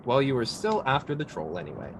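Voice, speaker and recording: A man's voice: medium pitch, fast, noisy background. A man running a tabletop game as game master, narrating the action with a laugh in his voice. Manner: lively, laughs while narrating.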